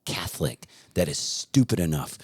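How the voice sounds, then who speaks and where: A man's voice: sits low, very animated, normal speed, a little mellow, slightly rough. A man hosting a talk show, preaching in a heated, emphatic and repetitive way. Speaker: podcast host.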